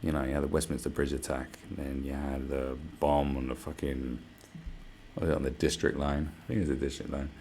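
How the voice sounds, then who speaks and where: A young man rants to camera in a loose, rambling way, swearing freely and dripping with sarcasm. His voice sits very low and rough with a gravelly fry. A faint hiss runs under the recording. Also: little pitch movement, a little fast, a little mellow. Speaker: vlogger. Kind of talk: casual rant to camera.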